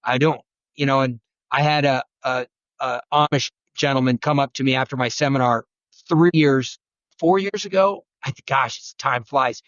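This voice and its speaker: A man who is a guest turkey-hunting expert, telling rambling, animated stories and acting out quotes. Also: mid-range voice, normal speed, no room sound, dull audio. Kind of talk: storytelling conversation.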